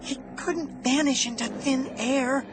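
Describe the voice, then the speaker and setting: A reader voicing a frightened young girl in an audiobook, with a high, urgent and pleading delivery, over background music. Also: steady tone, slow. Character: scared brave young girl. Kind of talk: audiobook character voice. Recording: music bed under voice.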